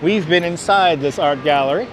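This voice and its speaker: A man with a fairly high voice giving sarcastic running commentary as he walks. He talks into a clip-on mic outdoors. Faint traffic hums in the background. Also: moderate pace. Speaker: livestreamer. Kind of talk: casual walking livestream. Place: outdoors on city streets. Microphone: wireless clip-on mic.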